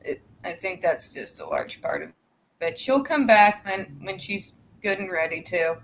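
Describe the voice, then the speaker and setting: Livestream guest, woman, relaxed chatty talk, faint hiss in the background. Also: on the low side, unhurried, poor audio. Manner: easygoing, conversational. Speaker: guest, fellow channel creator. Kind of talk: casual livestream chat.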